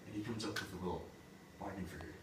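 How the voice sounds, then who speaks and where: A man retells a fairy tale in loose, chatty speech, leaning on "like" and "he's like". His low voice is picked up from a distance in a roomy space, with steady background noise. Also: fast. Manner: casual, full of "like" and "he's like". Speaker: storyteller.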